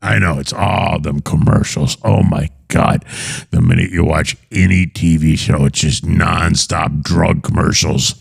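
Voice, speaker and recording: A man hosting a comedy talk show, mocking his guests with big swings in pitch. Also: steady tone, measured pace, gravelly, breathy edge, no room sound, studio quality. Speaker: host.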